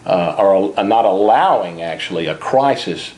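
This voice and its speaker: This is a deep, darkish male voice with lively intonation and a moderate pace. He's an author being interviewed about his finance book and personal finance, earnest in tone and sometimes repeating a word as he opens a thought.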